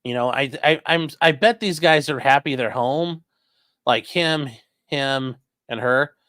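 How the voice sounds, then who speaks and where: A man's voice: medium pitch, measured pace, a bit bright, no room sound. Blunt, profane man hosting a livestream. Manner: blunt, profane, rambling with many fillers. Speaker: livestream host reading chat. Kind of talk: casual livestream commentary.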